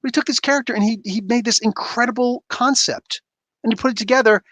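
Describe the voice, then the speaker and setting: A man's voice: extremely high pitch, quick pace, sharp tone, dry recording. A man hosting a livestream, emphatic and rambling as he talks casually with fans. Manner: emphatic, rambling, fan banter. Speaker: comic book reviewer, livestream host.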